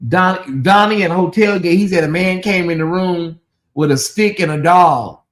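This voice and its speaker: A high-voiced man runs a late-night gossip livestream in a loose, chatty way. He talks straight to his viewers and breaks off into animated asides, with a lilt. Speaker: livestream host.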